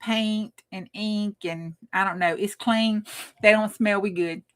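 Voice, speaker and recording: A woman's voice: medium pitch, steady tone, measured pace, a bit bright. A woman with a twang hosting a casual late-night crafting live stream, joking, bawdy and laughing as she greets viewers by name.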